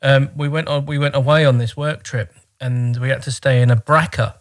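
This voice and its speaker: A man's voice: medium pitch, fairly even intonation, normal speed. A man telling wry anecdotes as a guest in a casual podcast chat, full of fillers like "like" and "yeah".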